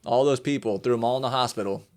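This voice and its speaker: A young man hosting a podcast in casual chat, animated and swearing freely, acting out quotes in raised voices. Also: medium pitch, fast talker. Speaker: podcast host.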